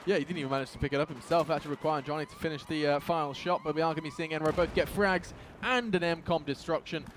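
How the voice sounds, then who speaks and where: A man calls a competitive shooter match as an esports caster, words tumbling out quickly in a slightly raised voice. He mixes play-by-play excitement with jokes at his own expense, and a faint noise floor sits under the mic. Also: fairly high pitch. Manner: fast excitable commentary, self-deprecating jokes.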